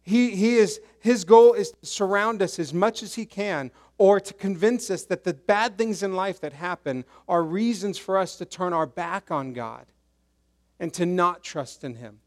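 A man preaching a sermon, swinging between loud emphasis and hushed, quiet lows. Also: unhurried. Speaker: pastor.

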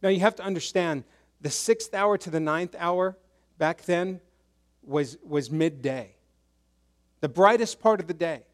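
A man preaching a sermon, swinging between loud emphasis and hushed, quiet lows. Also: a little slow, long pauses. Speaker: pastor.

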